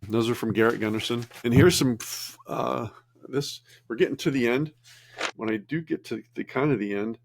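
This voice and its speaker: A man's voice: mid-range voice, moderate pace, creaky, a little hiss or hum. A man casually recapping workshop notes while sharing his screen, rambling and correcting himself as he goes. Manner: rambling, self-correcting, chatty. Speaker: business vlogger.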